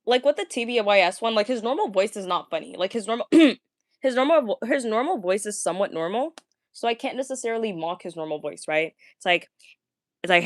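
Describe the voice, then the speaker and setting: A young woman talking casually, ranting to viewers, stammering and repeating words, with a fairly deep voice for a woman. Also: animated, brisk, dry recording. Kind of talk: casual rant.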